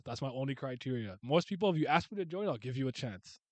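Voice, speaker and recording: A man's voice: medium pitch, lively intonation, quick pace, a little mellow, no room sound. A man hosting a casual livestream chat, rambling with lots of restarts and laughter. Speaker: livestream host.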